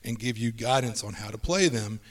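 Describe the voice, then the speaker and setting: A man's voice: medium pitch, lively intonation, normal speed, far from the mic. A man hosting a casual podcast, giving game advice and rattling through lists of tips.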